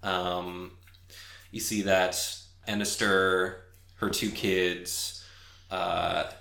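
A man runs a tabletop game in a fairly low voice, rambling through his narration with plenty of fillers. When characters speak he jumps into high put-on voices. He is recorded in an echoey room. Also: flat delivery, drawn-out words, vocal fry, bright, forceful tone. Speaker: game master.

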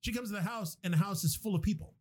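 A young man in casual podcast chat, swearing freely as he excitedly retells a movie plot. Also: high voice, quick pace. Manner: animated, profane movie retelling.

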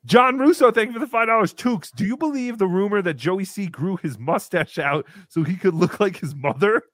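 A man in his thirties hosting a livestream, reading donations and joking around in a casual, animated way. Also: high voice, brisk, no room sound, clean studio sound. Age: 30s. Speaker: livestream host.

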